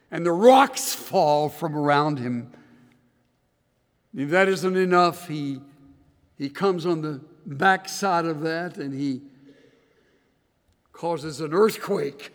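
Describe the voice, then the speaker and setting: A male pastor with a high voice preaches at a slow, deliberate pace, earnest and given to emphatic bursts. His sermon rolls through a church sanctuary with a long reverb. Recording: reverberant hall.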